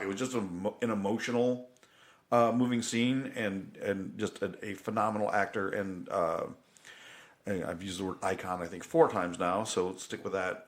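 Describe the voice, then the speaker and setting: A middle-aged man co-hosting a podcast, chatting casually and reflectively, getting animated when he recounts film scenes. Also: fairly low pitch. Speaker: podcast co-host. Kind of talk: casual chat. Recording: roomy echo.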